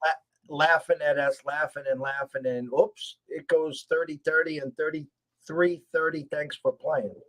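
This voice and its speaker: A man hosting a sports betting podcast in a slightly higher register than most men. He talks animatedly, with loud bursts of enthusiasm, and then slides back into relaxed banter with his guest. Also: measured pace, low-quality recording. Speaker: host.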